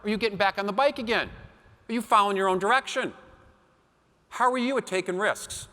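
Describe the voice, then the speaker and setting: A man giving a seminar talk to a live audience, telling animated stories with acted quotes. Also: sits high, fast talker. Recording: long hall reverb.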